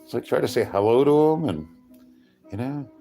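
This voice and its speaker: A man's voice: mid-range voice, lively intonation, normal speed, gravelly, warm tone, faint music behind. A man hosting a casual livestream, chatting with viewers in a rambling, wry way and chuckling at himself. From California. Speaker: livestream host. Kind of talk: casual livestream chat reading comments.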